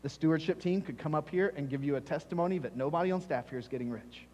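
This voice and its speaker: A man preaches a sermon as pastor, pressing his points and repeating them for weight. His voice sits a little high and slightly husky. Long church-hall reverb trails behind every phrase. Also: quick pace, darkish tone. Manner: emphatic, repeats key phrases for stress. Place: church sanctuary.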